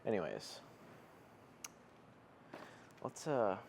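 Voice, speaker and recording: A young man with a lowish voice talks loosely and rambles, filling gaps with ums and likes. He is filming himself between sets in a gym, with faint gym noise in the background. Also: huge pitch swings, extremely slow, gravelly. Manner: laid-back, rambling, heavy with fillers. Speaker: fitness vlogger. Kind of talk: casual gym vlog chat. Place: gym, indoors.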